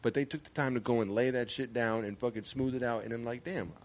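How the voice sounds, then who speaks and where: A man's voice: mid-range voice, quick pace. A man co-hosting a podcast, chatting casually and telling profane stories, acting out the people in them. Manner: profane, animated storyteller who acts out quotes. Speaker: podcast co-host. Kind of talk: casual chat.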